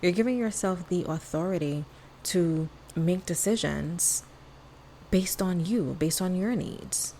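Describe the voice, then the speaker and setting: A woman's voice: fairly low pitch, unhurried, a little mellow, rough recording. A woman hosting a podcast alone, talking candidly and casually, often acting out bits of dialogue. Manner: candid, chatty, acts out quoted dialogue. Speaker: podcast host. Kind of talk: casual solo podcast monologue.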